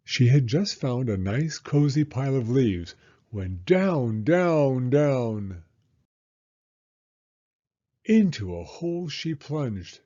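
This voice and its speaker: A man reading a children's picture book aloud in an expressive, animated storytelling manner. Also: medium pitch, a little slow, breathy edge, highs cut off. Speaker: storybook reader.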